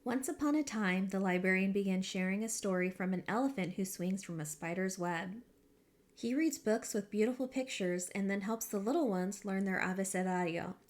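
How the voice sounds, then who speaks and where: A woman teacher reads a children's picture book aloud, telling the story with expression. She pauses to point listeners to details in the illustrations, in a clear classroom read-aloud manner. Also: medium pitch.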